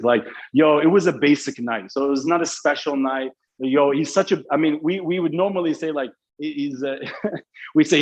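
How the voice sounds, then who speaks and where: A man's voice: a little high, low-quality recording. A young man teaching an online English class, explaining slang in a casual, playful way.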